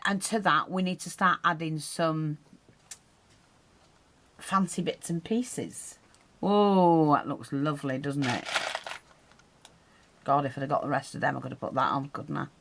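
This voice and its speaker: A woman's voice: deep voice, unhurried, long pauses, noisy background. A woman teaching a hands-on craft tutorial, chatting and explaining as she works, her breathing audible while she concentrates.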